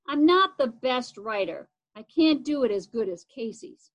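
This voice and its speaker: A woman reads as a gruff schoolboy unsure of his writing skills, talking plainly and a touch sheepishly. The voice sits fairly high. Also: expressive, measured pace. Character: boy who struggles with writing, a bit gruff.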